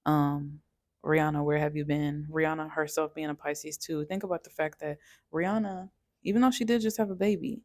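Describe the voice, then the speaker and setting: A woman's voice: low voice, steady tone, brisk, a little mellow, no room sound, clean studio sound. A young woman giving a casual, rambling astrology reading and speaking straight to her listeners in slangy talk. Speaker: astrology tarot reader.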